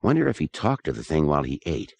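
A man's voice: extremely low pitch, very animated, fast talker, vocal fry, a little mellow, slightly rough, no echo, heavily acted. A man voicing a crude, teasing young guy. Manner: profane, teasing. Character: crude joking young man exploring ruins.

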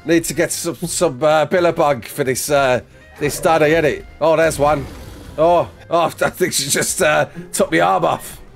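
Man impersonating an exclaiming Aussie adventurer, put-on accent, raised pitch, slow drawn-out delivery. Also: fairly even intonation, gravelly, faint music behind. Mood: excited. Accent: put-on Australian. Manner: exclaiming, slangy, bursting into laughs. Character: over-the-top Aussie wildlife adventurer man. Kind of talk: gaming role-play.

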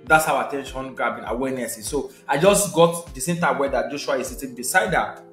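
A man's voice: medium pitch, quick pace, a bit bright, roomy sound, soft background music. A young man, teaching a live sales session in a conversational way, repeating his key points and checking in with viewers. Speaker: sales trainer.

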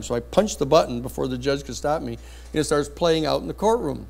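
A man lecturing a university class, telling a courtroom story in a blunt, lively anecdotal way. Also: a little high, a little fast, gravelly.

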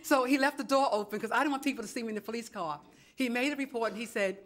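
A woman's voice: fairly high pitch, fast talker, fairly bright tone. A woman from New York giving a chatty, dramatic public comment at a city council meeting, acting out both sides of each conversation. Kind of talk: animated storytelling at a council meeting. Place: council chambers.

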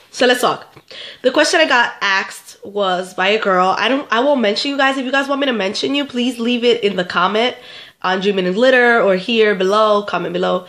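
A woman's voice: mid-range voice, fairly bright tone. Stuffy-nosed young woman giving chatty advice. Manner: chatty, repeats herself, talks straight to viewers. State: stuffed up, getting sick. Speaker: vlogger answering viewer questions. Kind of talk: casual advice vlog.

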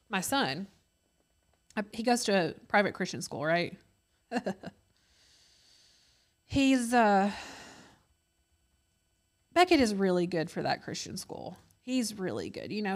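A woman in her thirties co-hosting a casual chat, telling stories and acting out the voices of other people. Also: mid-range voice. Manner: storytelling, acts out quoted voices. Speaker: co-host.

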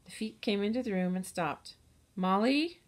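A woman narrating a children's chapter book in a steady storytelling manner. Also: mid-range voice, fairly quick, very noisy.

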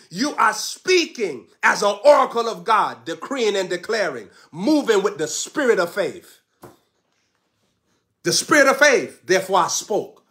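A man's voice: high voice, big pitch swings, measured pace, pushed and bright. A man preaching a fervent sermon with repeated declarations, breaking into tongues.

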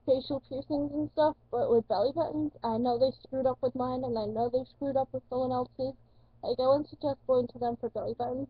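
A young woman talks on a home vlog, rambling along with plenty of likes and ums. Her voice sits a little high and has a husky edge. The audio is dull and lo-fi, recorded dry and close. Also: no room sound. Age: young adult. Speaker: vlogger. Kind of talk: casual chat.

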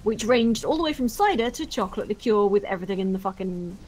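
A woman's voice: mid-range voice, lively intonation, quick pace, a little mellow, slight background noise. Sweary young woman chatting while gaming. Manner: blunt, sweary, joking. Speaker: gaming streamer. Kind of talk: casual gaming chat.

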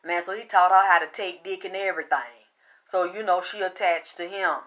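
A woman's voice: lowish voice, fairly even intonation, brisk, fairly bright tone. A woman giving a casual tarot card reading, chatty and profane, often breaking into laughter. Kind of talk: casual spiritual reading monologue.

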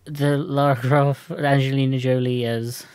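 An English man in casual podcast chat, his voice mid-pitched and recorded close and dry with no room around it. He rambles, restarts sentences and laughs easily. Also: flat delivery, a little slow, a little mellow, clear, resonant tone, no echo. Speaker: podcast co-host.

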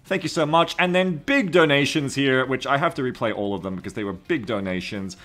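A man streaming a game chats casually, warmly thanking subscribers and donors as he reads out their names. His mid-range voice moves a little fast.

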